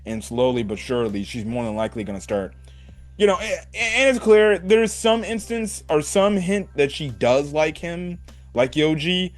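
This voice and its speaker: A man giving a casual video review, animated and laughing often, swearing and tossing in "right?" after his points. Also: on the high side, normal speed. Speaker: anime reviewer.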